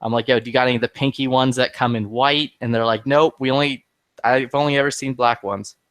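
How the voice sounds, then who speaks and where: Profanity-laced storytelling from a man, fired up and acting out what everyone said. His voice sits at an ordinary middle pitch and is recorded very dry and close, with no room sound. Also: brisk, dry recording. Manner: profane, heated, animated retelling with quoted dialogue. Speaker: podcast regular. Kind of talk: casual chat, storytelling.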